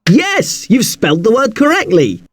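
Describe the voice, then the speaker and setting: A man teaching an English spelling lesson, spelling words out slowly letter by letter. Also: high voice, big pitch swings, no echo.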